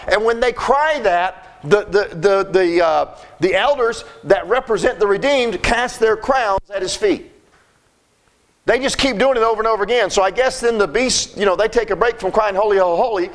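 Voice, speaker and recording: A man preaching a sermon in a folksy, emphatic way, often repeating words as he goes. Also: high voice.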